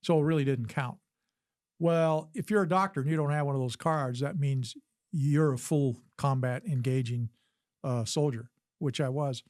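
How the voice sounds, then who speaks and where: A man's voice: medium pitch, moderate pace, a little mellow, no room sound. Older man telling a story, dry close sound. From United States. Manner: earnest storytelling with frequent restarts. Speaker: podcast guest, former combat physician. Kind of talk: storytelling interview.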